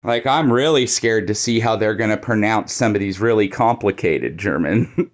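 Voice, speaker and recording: A man's voice: lowish voice, normal speed. A man giving casual, opinionated commentary in a video, talking in a chatty way full of "like" fillers.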